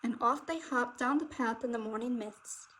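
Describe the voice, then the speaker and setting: A woman narrating a children's picture book aloud with expressive, dramatic delivery. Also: a little high, moderate pace, a little hiss or hum, low-quality recording. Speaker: storybook reader.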